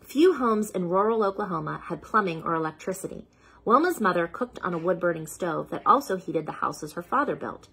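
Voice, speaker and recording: A woman's voice: on the low side, expressive, a little fast, gravelly, fairly bright tone, breathy edge, rough recording. A woman hosting a children's read-aloud, reading a picture book steadily and stopping now and then to sound out unfamiliar words.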